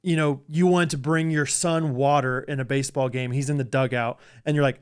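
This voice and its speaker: Smooth-voiced young man chatting. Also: medium pitch, steady tone, fairly quick, few pauses. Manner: chatty, filler-heavy, lots of "like" and "I mean". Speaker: podcast co-host. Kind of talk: casual chat.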